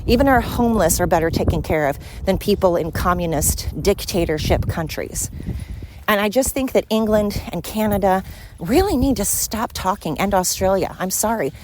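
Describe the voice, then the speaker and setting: A woman's voice: mid-range voice, lively intonation, normal speed, noisy background. A woman from the United States hosting a solo podcast, ranting bluntly with frequent swearing. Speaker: podcast host. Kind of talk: opinionated solo podcast monologue.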